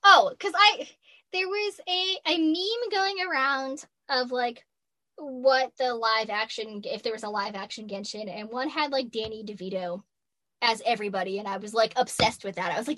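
A woman's voice: a little high, normal speed, sharp tone, no echo. A woman in her twenties, a voice actress guest, chatting casually and giggling often, with a youthful-sounding voice. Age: 20s. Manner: giggly, laughs often while talking. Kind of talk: casual interview chat.

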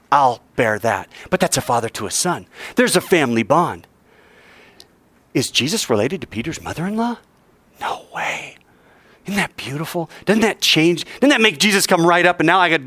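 A man teaching a Bible class in a conversational way, asking rhetorical questions and dropping to hushed tones. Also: mid-range voice, no room sound.

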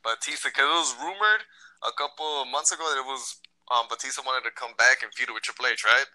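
A man's voice: mid-range voice, fast talker, bright, forceful tone, no echo, low-quality recording. A man co-hosting a casual chat, laid-back and profane, rambling with restarts and trailing off. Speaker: podcast co-host.

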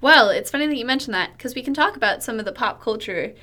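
A woman's voice: fairly high pitch, expressive, quick pace, sharp tone. A woman co-hosting a podcast, giggling and eagerly sharing facts from her research in casual chat. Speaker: podcast co-host.

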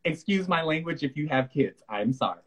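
On a podcast, a male co-host chats casually about spirituality, animatedly acting out his own reactions as he tells stories. His voice is fairly high with a breathy edge and a moderate pace, and the audio quality is poor.

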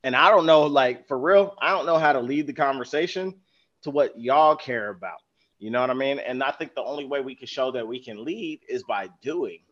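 A man's voice: mid-range voice, a little fast. Playful man on a dull-sounding recording. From California. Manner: animated, playful and sarcastic. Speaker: podcast guest. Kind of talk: casual podcast chat.

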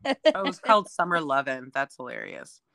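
Bright-voiced, blunt woman co-host. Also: extremely low pitch, wildly swooping pitch, brisk, creaky. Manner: blunt, emphatic, swears freely. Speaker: podcast co-host. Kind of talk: casual chat.

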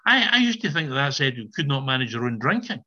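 A man's voice: mid-range voice, big pitch swings, fast talker, bright, forceful tone, highs cut off. An older man giving an earnest, emphatic personal testimony to a recovery meeting, sometimes repeating his words, over a video call.

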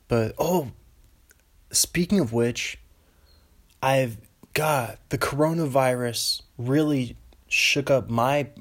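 A young man from Western Washington chatting alone in a meandering way, breaking off into tangents and giggly asides. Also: medium pitch. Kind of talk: rambling solo casual chat.

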